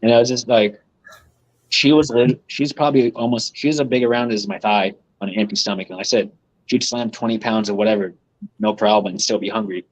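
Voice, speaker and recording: A man's voice: fairly low pitch, fairly even intonation, a little fast, poor audio. A man, a guest on a live podcast, telling rambling, profane stories and laughing at them. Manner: rambling, swears freely, laughs at his own stories. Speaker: guest, reptile breeder. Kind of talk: casual storytelling on a live podcast.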